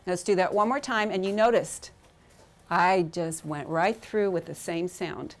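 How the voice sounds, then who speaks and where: Slow, patient woman teaching a class. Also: fairly low pitch. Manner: patient, repeats sounds aloud for learners to echo. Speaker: Hebrew teacher. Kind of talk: slow classroom drill, teaching vowel sounds.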